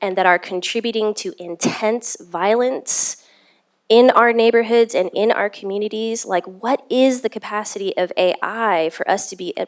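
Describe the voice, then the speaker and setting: Reflective woman neuroscientist on a panel. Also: mid-range voice. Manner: conversational, ends points with "right?". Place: panel event in a university learning theater.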